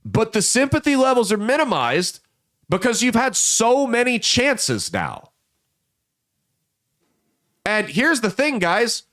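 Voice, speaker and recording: A man hosting a political commentary podcast, telling folksy stories and quickly voicing the people in them. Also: very high-pitched, wildly swooping pitch, fairly bright tone. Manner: folksy storytelling with quick voices for people in the anecdotes. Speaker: podcast host.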